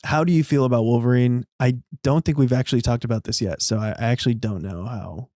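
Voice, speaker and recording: A man's voice: medium pitch, fast, warm tone, no room sound, studio quality. A man hosting a casual talk show, rambling with fillers and restarts. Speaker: podcast host. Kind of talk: casual chat.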